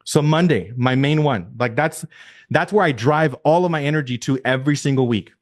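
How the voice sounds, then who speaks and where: An energetic man coaching a group over a video call, speaking into his computer mic. He drives his points home by repeating them and keeps tossing rhetorical questions at his listeners. His voice sits at an ordinary middle pitch for a man. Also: moderate pace. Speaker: real estate team leader.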